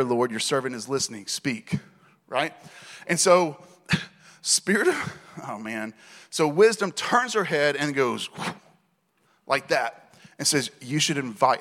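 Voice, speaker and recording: A man preaching a sermon, telling stories in a lively way, acting out the dialogue and laughing often. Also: mid-range voice. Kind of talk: sermon storytelling. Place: church hall. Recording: reverberant hall.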